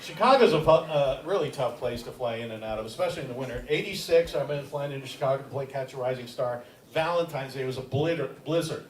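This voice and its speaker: A man's voice: mid-range voice, fast talker. An older man doing stand-up comedy as the emcee and teacher, with a wry, self-deprecating, crowd-teasing delivery. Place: comedy theater stage with a live audience. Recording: roomy, distant live-stage recording with audience noise.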